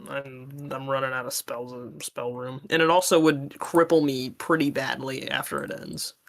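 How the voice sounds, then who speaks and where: Brief: man player, average pitch, hesitant, rambling. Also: fairly even intonation, normal speed, vocal fry, a bit bright. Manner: hesitant, fumbling, full of ums. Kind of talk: casual tabletop game chat.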